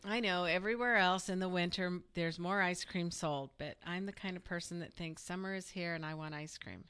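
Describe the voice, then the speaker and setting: Smooth low-voiced woman radio co-host. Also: brisk, a bit bright. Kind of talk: casual radio chat.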